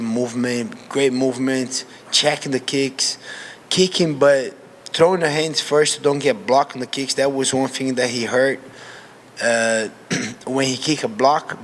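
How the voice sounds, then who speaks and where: Brazilian-accented fighter in an echoey hall. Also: male voice, medium pitch, a little hiss or hum. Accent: Brazilian Portuguese. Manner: candid, animated, non-native grammar. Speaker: MMA fighter. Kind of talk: casual interview answer. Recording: long hall reverb.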